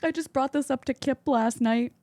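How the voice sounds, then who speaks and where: A woman streamer chatting casually, reading and answering her chat aloud and jumping high in pitch when excited. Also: normal speed, no room sound.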